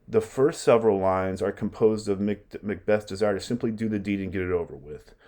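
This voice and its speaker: A male literature teacher lectures on a play conversationally, repeatedly checking in with his listeners by asking "right?". His fairly low, warm voice moves a little fast.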